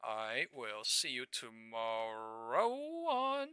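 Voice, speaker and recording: A man live-streaming stock trading, talking to his viewers in a loose, profane, excitable way. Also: medium pitch, drawn-out words, smooth, no room sound. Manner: profane, excitable, laughs and shouts at market moves. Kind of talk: live-stream market commentary.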